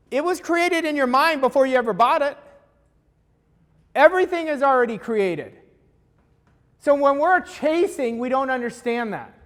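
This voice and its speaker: A man's voice: very high-pitched, fairly bright tone. A man giving a motivational talk as a coach, speaking emphatically and repeating key lines for weight. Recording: long hall reverb.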